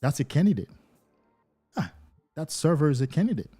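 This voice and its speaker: A man who is not a native English speaker, a life coach talking to viewers on a livestream in an animated way, acting out little scenes. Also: fairly high pitch, fairly quick, husky, soft background music.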